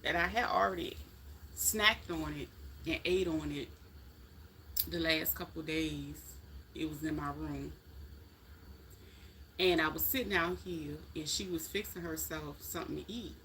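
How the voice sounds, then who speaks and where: Middle-aged woman, bright and sharp tone, folksy casual live-stream chatter aimed at viewers. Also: low voice, a little slow, long pauses, slight background noise. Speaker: livestream host chatting with viewers.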